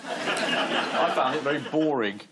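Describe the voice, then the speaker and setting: A man's voice: fairly high pitch, expressive, slow pace, very noisy. A man on a comedy quiz panel, making teasing remarks.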